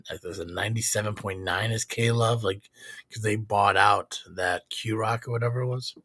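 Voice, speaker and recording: A man's voice: lowish voice, steady tone, moderate pace, a bit bright, dry recording. A man co-hosting a casual live podcast, rambling and swearing, with lots of fillers. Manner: rambling, profane, many fillers. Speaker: podcast co-host.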